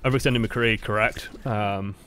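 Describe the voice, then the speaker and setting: A man's voice: on the low side, steady tone, moderate pace, fairly bright tone, a little hiss or hum. An English man coaching over gameplay footage, talking in a casual, rambling and profane way. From England. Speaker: game coach. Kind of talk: gameplay review commentary.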